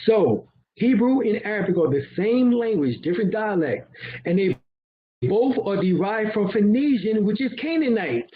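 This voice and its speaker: A high-pitched man with a husky, slightly breathy voice talks loosely in a casual discussion, laughing and dropping the odd curse as he explains. The recording sounds dull and lo-fi. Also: sing-song, moderate pace. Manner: loose and conversational, laughs and swears. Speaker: co-host.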